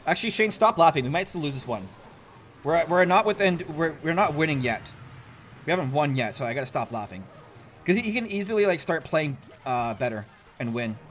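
A young man talks through a mobile game match in a chatty, self-mocking way and laughs often. His voice sits a little high and swoops up and down with lively energy. Faint music plays behind him. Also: normal speed. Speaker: gaming YouTuber. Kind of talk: casual gameplay commentary.

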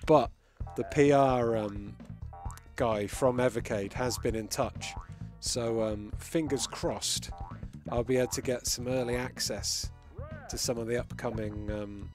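A man's voice: medium pitch, a little slow, a little mellow, soft background music. A man giving live, amused commentary while he plays a retro game and reads chat. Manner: chatty, amused, reacting as he plays. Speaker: game streamer.

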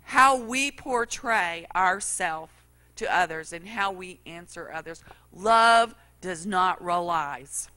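Bright-voiced woman preaching. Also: on the low side, expressive, slow pace. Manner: folksy storytelling, acts out quotes. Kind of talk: sermon.

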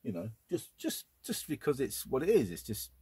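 A man's voice: medium pitch, huge pitch swings, normal speed, warm tone, breathy edge, dry recording. A man, chatting casually and enthusiastically as he shows off his finds to the camera. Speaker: record collector vlogger. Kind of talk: casual chat.

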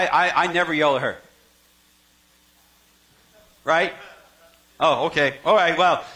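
A man's voice: extremely high pitch, bright, forceful tone. A man preaching a sermon to his church in a conversational way, asking the congregation to fill in words, with self-deprecating humor and frequent stammered restarts. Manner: conversational, call-and-response questions to the congregation. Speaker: pastor. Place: church sanctuary.

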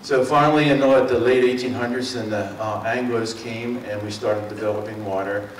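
A water district speaker, middle-aged and from the Mid-Atlantic with a Philadelphia and South Jersey accent, gives a public talk to a community forum, rambling in a folksy way with frequent fillers and restarts. He speaks at normal speed in a steady, medium-pitched voice. Recorded from a distance, his voice echoes around the meeting room over a faint room hum.

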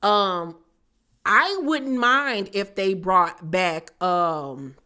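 Brief: woman, mid-pitched voice, sassy and animated, chatty reality-TV recap vlogger. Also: extremely slow, smooth. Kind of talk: casual recap commentary.

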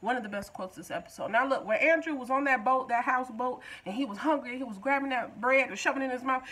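A woman gives a casual TV recap, joking and talking back at the screen. Her pitch swings up and down a lot as she goes. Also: fast talker, hardly any pauses, slightly rough, poor audio. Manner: animated, joking, talks back to the show. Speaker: TV recap vlogger. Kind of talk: casual TV episode review.

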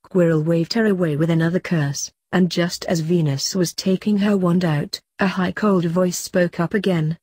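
A woman reading fanfiction aloud in a steady, even narration. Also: lowish voice, normal speed, few pauses, slightly rough, no echo. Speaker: fanfiction reader.

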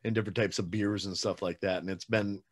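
A man hosting a podcast, his voice on the low side. He talks casually and haltingly, with lots of "uh" and "you know" as he gathers his thoughts. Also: steady tone. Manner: halting, full of fillers. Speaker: podcast host. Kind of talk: casual interview.

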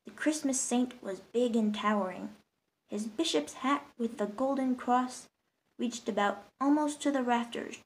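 A woman storyteller narrating a holiday storybook tale in a gentle, steady way. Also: on the high side, measured pace, low-quality recording.

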